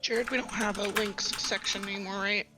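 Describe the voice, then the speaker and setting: A woman's voice: medium pitch, steady tone, brisk. A woman chatting casually while playing an online tabletop game, teasing the others. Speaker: player. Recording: voice over call with game music.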